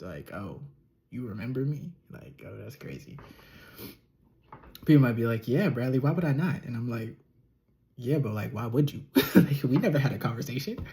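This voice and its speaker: A young man telling a personal story as a relaxed podcast monologue, slightly nasal and often chuckling or trailing off. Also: medium pitch. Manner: laid-back, chuckling, trails off with ums. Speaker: podcast host.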